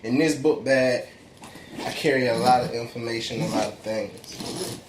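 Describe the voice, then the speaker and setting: With background noise behind him, a young male vlogger talks at normal speed in a mid-range, fairly even voice. He preaches to camera about faith and perseverance, using emphatic street slang, a testifying tone, and plenty of restarts.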